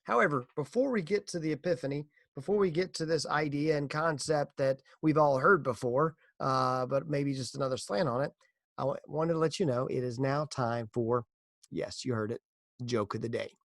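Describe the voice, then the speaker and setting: Man, middle-aged, podcast host, earnest, encouraging, gravelly, dry close sound. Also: fairly high pitch, normal speed, dry recording. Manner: earnest, encouraging, tells a corny joke. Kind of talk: casual motivational podcast talk.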